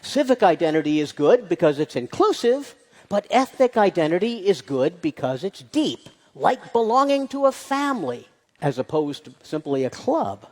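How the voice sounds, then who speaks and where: A medium-pitched, darkish voice with a long reverb tail gives a lecture-style public talk to an audience in a large hall. The speaker is emphatic, asking rhetorical questions and driving home key points.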